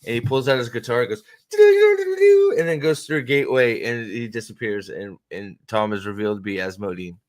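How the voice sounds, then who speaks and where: A man's voice: on the low side, fairly even intonation, fast talker, hardly any pauses. A man hosting casual fan commentary, rambling and profane, and often cutting himself off mid-thought. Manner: rambling, profane, self-interrupting. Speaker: host.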